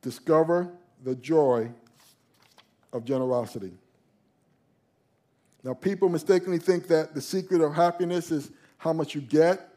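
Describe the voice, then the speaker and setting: A male pastor preaching a sermon, emphatic, slowing down and leaning on key phrases. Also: fairly high pitch, dark tone.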